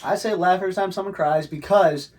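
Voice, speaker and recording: A man's voice: sits high, fast talker, darkish tone. A man co-hosting a podcast, rambling casually, teasing his co-host and swearing now and then. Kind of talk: casual chat.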